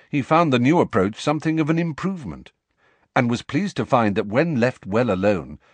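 A man narrates a novel in a lowish voice that rises and falls a great deal with the story. The reading is scripted and expressive, recorded dry and close. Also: no room sound. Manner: expressive storytelling with wide pitch swings. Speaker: audiobook narrator.

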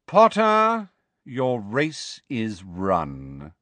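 A man's voice: big pitch swings, fairly bright tone, no room sound, heavily acted. A man doing a drawling sneering aristocrat villain. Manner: low, slow, sneering drawl.

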